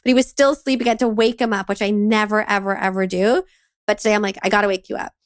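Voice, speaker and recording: A woman in her thirties co-hosting a parenting podcast, telling a lively story about her morning and acting out her son's lines. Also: medium pitch, fast talker, dry recording, clean studio sound. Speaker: podcast co-host. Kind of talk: casual conversational podcast chat.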